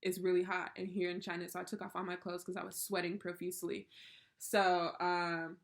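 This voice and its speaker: A woman's voice: fairly low pitch, level tone, a little fast. A young woman from the United States, telling a personal story in a casual vlog, candid and emphatic. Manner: candid and emphatic, with swears and laughs. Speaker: vlogger.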